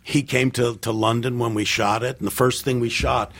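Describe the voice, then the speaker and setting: Gravelly older man telling stories. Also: mid-range voice, moderate pace. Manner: animated anecdotes with quoted voices, frequent fillers and restarts. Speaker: podcast guest, film director. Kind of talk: casual storytelling interview.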